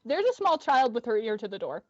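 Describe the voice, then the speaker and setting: A woman's voice: fairly high pitch, sing-song, brisk, a little hiss or hum. A woman running an online tabletop game as game master, talking hesitantly with many ums. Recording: dull dry call audio.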